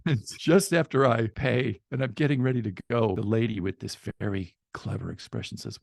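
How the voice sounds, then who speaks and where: Animated storytelling man with a gravelly voice. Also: medium pitch, a little fast, hardly any pauses, dry recording, clean studio sound. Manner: lively, acts out other people's lines and laughs often. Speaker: podcast guest, storyteller.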